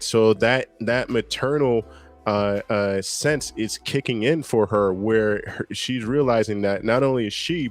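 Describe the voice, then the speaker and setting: A man co-hosting a casual TV reaction show, laid-back and slangy, laughing often. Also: lowish voice. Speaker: podcast co-host.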